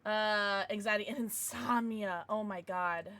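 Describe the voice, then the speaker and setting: A woman's voice: mid-range voice, a little slow, a bit bright. A young woman streaming casually from home, gushing over gifts and baby-talking to her dogs between chats with viewers. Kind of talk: casual livestream chat.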